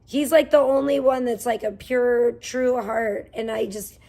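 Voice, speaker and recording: A woman's voice: on the high side, fairly even intonation, measured pace, creaky, warm tone. A young woman streaming from home, venting in a profane, rambling rant. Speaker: livestreamer. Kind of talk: angry livestream rant.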